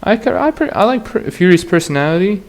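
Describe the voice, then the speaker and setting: A podcast host goes solo in a high-pitched, sing-song voice, speaking fast. He rambles crudely in slang and laughs often.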